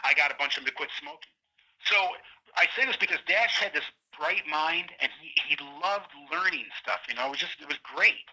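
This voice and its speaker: This middle-aged caller's fairly high voice runs a little fast, coming through a tinny prison phone line. Appearing as a guest in a casual storytelling interview, he spins a long, rambling tale with animation, voicing what other people said.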